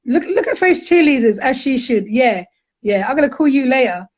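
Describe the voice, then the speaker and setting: A middle-aged woman with a high voice tells candid stories as a guest counsellor, acting out quotes as she goes. She comes across as animated and frank. The audio is dull.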